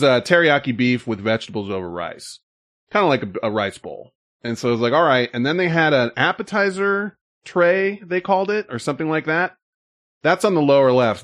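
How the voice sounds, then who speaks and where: Male host, casual rambler, mid-pitch, dry recording. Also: fairly bright tone, dry recording. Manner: rambling storyteller, many fillers. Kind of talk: casual chat.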